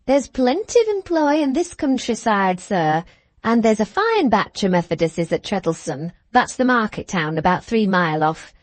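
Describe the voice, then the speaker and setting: A woman's voice: fairly high pitch, darkish tone, dry recording. A woman voicing a pompous, chatty male village innkeeper with a treble, wheezy voice and a mincing accent, reading a classic novel aloud. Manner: deferential, chatty, says "sir" often.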